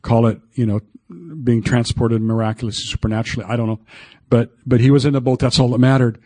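A man's voice: medium pitch, level tone, fast talker, a little mellow, no room sound. An older man, a pastor, preaching a folksy, emphatic sermon and breaking into old hymns.

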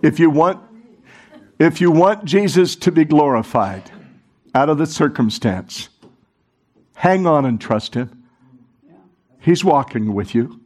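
A middle-aged man preaching a sermon, animated and urging the congregation to join in. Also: on the high side, slow, pauses often. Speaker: pastor.

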